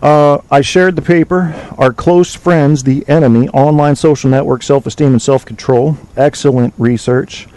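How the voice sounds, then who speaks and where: A man's voice: medium pitch, fairly even intonation, normal speed, few pauses, a little mellow, dry recording, rough recording. A man hosting a talk podcast, lecturing bluntly and swearing freely, reading aloud from a web page now and then. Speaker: podcast host. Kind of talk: opinionated call-in show monologue.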